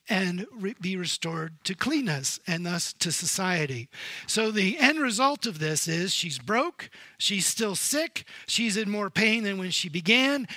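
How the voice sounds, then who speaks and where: Guy pastor preaching, bright voice, slow and deliberate, dry close sound. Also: high-pitched, dry recording. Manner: animated storytelling, swings from loud emphasis to hushed. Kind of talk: sermon.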